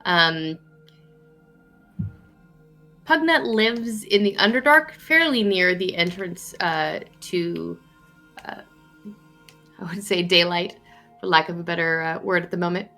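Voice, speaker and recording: A woman's voice: on the low side, expressive, takes it slowly, long pauses, sharp tone, faint music behind. A woman narrating as game master of a tabletop game, storytelling with an easy flow and frequent fillers.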